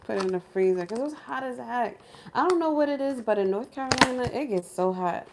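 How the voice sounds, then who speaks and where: A woman from New York, a lifestyle vlogger, telling a story in casual chat in her home kitchen, animated and laughing, acting out other people's voices. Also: fairly high pitch, fairly quick, background noise. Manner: animated, laughing, acts out crying voices in quotes.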